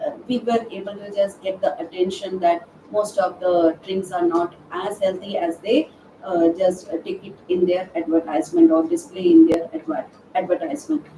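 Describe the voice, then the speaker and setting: A woman's voice: mid-range voice, distant mic. Female grammar trainer, live webinar, question-and-answer delivery, hesitant fillers. Echoey room, faint background noise. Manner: poses questions to the class and answers them herself; hesitant, frequent "uh" fillers and restarts. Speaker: verbal aptitude trainer. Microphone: distant from the microphone.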